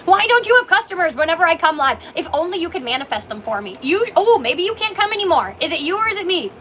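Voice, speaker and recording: A woman's voice: extremely high pitch, big pitch swings, quick pace, fairly bright tone, slight background noise. A woman who owns a coffee shop, chatting on a livestream and reading out viewer comments in a bubbly, gushing, emotional way. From Canada. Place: small coffee shop, indoors.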